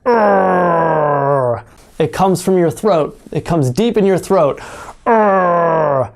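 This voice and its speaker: A native English speaker gives an online pronunciation lesson, speaking deliberately and exaggerating sounds to demonstrate them. The voice is medium-pitched and mellow.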